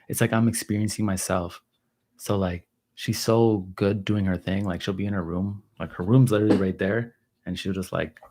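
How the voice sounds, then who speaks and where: A man in his thirties hosting a casual livestream and answering viewer questions, talking loosely with plenty of "like" and "you know". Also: low-pitched. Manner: loose, relaxed talk full of "like" and "you know".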